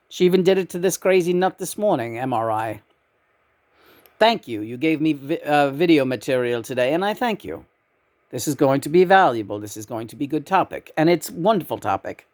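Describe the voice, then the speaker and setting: Low-voiced swearing woman vlogger. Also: expressive, fairly quick, darkish tone. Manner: blunt, swears freely, rambling. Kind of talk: casual spiritual vlog chat.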